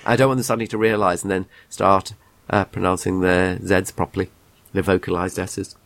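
Low-pitched man, gravelly, dry close sound, deadpan podcast banter. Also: a little fast, no room sound. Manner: deadpan provocative jokes. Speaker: podcast co-host. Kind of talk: casual comedic chat.

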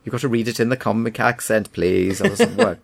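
A man's voice: mid-range voice, very animated, a little fast, vocal fry, husky. A man co-hosting a podcast, arguing his opinions emphatically in casual chat, often restarting his sentences. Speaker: podcast co-host.

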